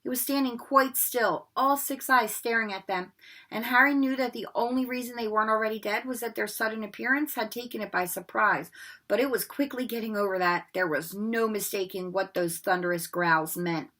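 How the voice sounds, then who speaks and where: A woman reading a children's novel aloud with expressive, dramatic storytelling. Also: on the high side, normal speed. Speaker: read-aloud narrator. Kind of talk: children's book read-aloud.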